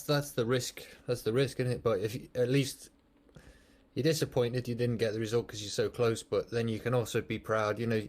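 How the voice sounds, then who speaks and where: A man, a former pro cyclist, calmly explaining race tactics in a relaxed podcast conversation. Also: lowish voice. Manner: thoughtful, explanatory. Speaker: former professional cyclist, guest. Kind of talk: casual podcast chat.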